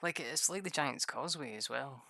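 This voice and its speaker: Casual streamer, bright voice, dry close sound, loose rambling chat with plenty of swearing. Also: mid-range voice, moderate pace, vocal fry, no room sound. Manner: rambling, self-mocking, swears freely; laughs often. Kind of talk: casual livestream chat while drawing maps.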